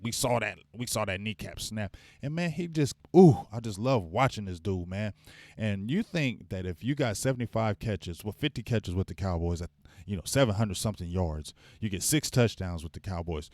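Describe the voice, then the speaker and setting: A man's voice: mid-range voice, a little mellow, no echo, clean studio sound. Hyped man hosting a fan stream. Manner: hyped, rambling, talks to chat viewers. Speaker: fan show host. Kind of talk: casual live-stream sports talk.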